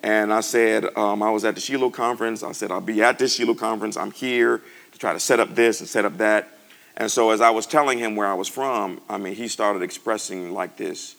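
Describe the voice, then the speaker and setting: Man, pastor, from the US, gravelly low voice, sermon storytelling, bursts of excitement. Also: fairly quick. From United States. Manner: animated storytelling, voice jumps high and loud when excited.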